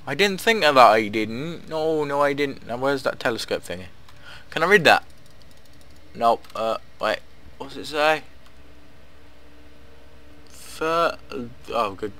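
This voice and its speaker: A man's voice: mid-range voice, pushed and bright. Guy doing let's play commentary, sarcastic, swears loads, bouncy up and down voice. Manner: sarcastic, swears a lot, talks back at the characters. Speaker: gamer playing through a story game.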